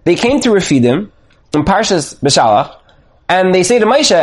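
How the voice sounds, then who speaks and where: Guy giving a torah class, super animated, restarts his sentences a lot. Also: high-pitched, moderate pace. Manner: animated storytelling, acts out dialogue; thinks aloud with restarts. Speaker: Torah teacher. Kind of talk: Torah lesson on the weekly portion.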